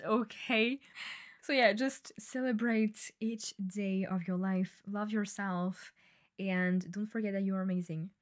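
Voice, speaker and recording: A woman hosting her own podcast, talking casually and affectionately to her listeners with lots of fillers and little laughs. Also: mid-range voice. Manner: warm, gushing, affectionate, with frequent fillers and laughs. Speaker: podcast host. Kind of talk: casual solo podcast talk.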